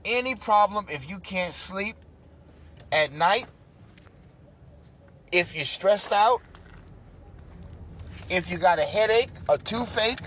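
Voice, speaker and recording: In a car, a man preaches passionately in a monologue that shifts from loud outbursts to hushed, low passages. There is a lot of noise in the recording.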